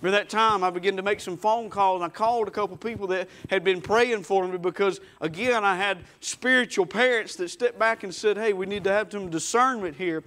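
Male preacher, high voice, folksy testimony storyteller. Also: fairly even intonation, brisk, hardly any pauses, fairly bright tone. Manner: folksy storytelling, acts out quotes. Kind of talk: sermon testimony.

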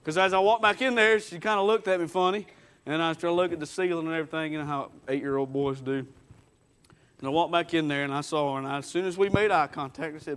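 A man's voice: a little high, fairly quick, fairly bright tone. A man preaching a folksy testimony sermon, acting out the quoted voices. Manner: folksy storytelling, acts out quotes.

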